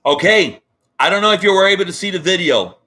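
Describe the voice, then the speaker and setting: A man's voice: sits high, animated, fast talker, sharp tone. A man hosting a live-streamed interview over a video call, talking with upset passion and repeating himself. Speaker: online news show host.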